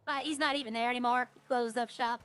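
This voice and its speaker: A woman's voice: a little high, fairly even intonation, quick pace, fairly bright tone, clear, resonant tone. A woman streaming a game, chatting casually with viewers and thinking aloud in a rambling way. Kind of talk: casual gameplay chat to viewers.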